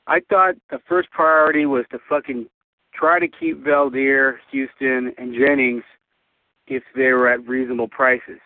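A man's voice: a little high, dry recording. Exasperated male caller, profane, tinny dry phone line. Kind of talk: angry voicemail rant.

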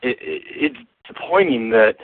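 A man leaving a furious, profane voicemail, slow and emphatic in his anger. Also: mid-range voice, lively intonation, no room sound. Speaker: caller. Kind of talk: voicemail rant. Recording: tinny phone line, dry.

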